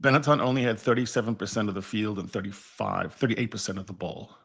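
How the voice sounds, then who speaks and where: Low-voiced man talking rugby. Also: fast, vocal fry, husky. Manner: animated storyteller, wry and joking. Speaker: podcast co-host. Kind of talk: casual rugby chat.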